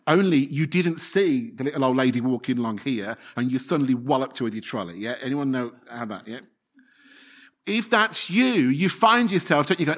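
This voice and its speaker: A man's voice: mid-range voice, expressive, normal speed. A man preaching a sermon, earnest, often repeating his phrases and asking the congregation rhetorical questions.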